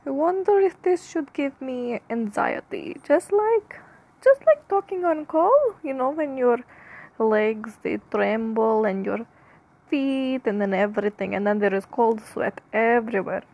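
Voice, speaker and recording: A woman's voice: on the high side, unhurried, darkish tone. A woman whose first language is Punjabi, hosting a podcast in a rambling comic monologue, speaking in a theatrical put-on foreign accent and drifting into musing. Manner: musing, drifting between jokes and philosophy. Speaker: podcast host.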